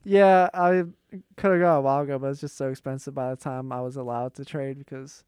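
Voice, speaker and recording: A man's voice: medium pitch, steady tone, fairly quick, a little mellow, clean tone, no room sound, clean studio sound. A young man from Pittsburgh with a Pittsburgh accent, co-hosting a casual chat in an easygoing way and laughing often. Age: young adult. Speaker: co-host.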